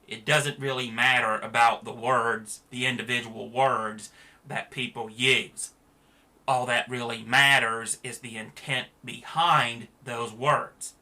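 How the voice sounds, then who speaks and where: A man's voice: mid-range voice, fairly even intonation, slow, bright, forceful tone. A man giving a blunt, sarcastic opinion rant to the camera as a vlogger.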